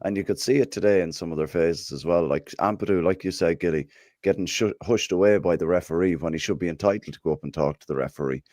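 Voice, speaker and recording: A man with a low voice hosts a football fan podcast, chatting loosely and swearing as he goes. His sound is close and dry, with no room around it. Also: fast talker, warm tone, no room sound. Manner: swears freely, reads listener comments aloud. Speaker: podcast host. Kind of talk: casual podcast chat.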